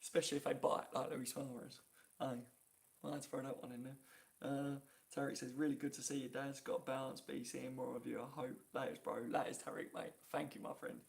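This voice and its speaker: Gravelly-voiced man chatting on stream. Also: medium pitch, level tone, brisk. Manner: chatty, reads viewer comments aloud, laughs often. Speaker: YouTube live-stream host. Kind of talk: casual live-stream chat. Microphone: phone.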